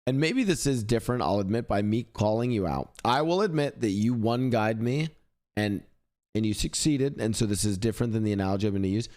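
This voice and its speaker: A young man streaming live, reacting to a video and ranting at his chat with heavy swearing, rising to near-shouting. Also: on the low side, brisk.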